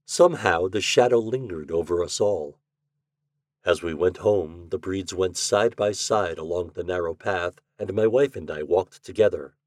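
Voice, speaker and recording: Male podcast narrator, measured storytelling, low voice, dry sound. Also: dry recording. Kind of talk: reading a classic short story aloud.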